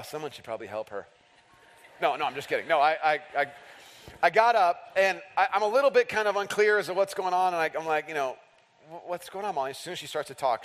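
A man in his thirties delivering a sermon with a fairly high, light voice. He tells humorous, self-deprecating stories from his own life. His voice rings with the long reverb of a large hall. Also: fairly bright tone. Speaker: pastor.

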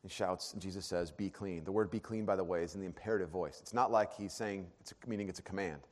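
A man preaching a sermon, earnest, dropping to a hush and then rising to emphatic peaks. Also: deep voice, fast. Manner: earnest, swings from hushed to emphatic. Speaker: pastor. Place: church auditorium. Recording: long hall reverb.

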